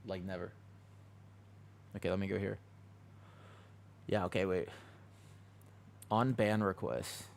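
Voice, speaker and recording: A man's voice: deep voice, steady tone, slow pace, gravelly, pauses often, slight background noise. Chatty young man streaming games. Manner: rambling storytelling with many fillers and restarts. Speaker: game streamer. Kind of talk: casual live-stream chat.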